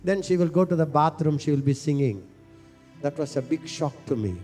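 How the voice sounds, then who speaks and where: A man from India preaching a sermon, impassioned and leading the crowd in call-and-response with slow, stretched phrases. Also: on the high side, animated, dark tone, soft background music.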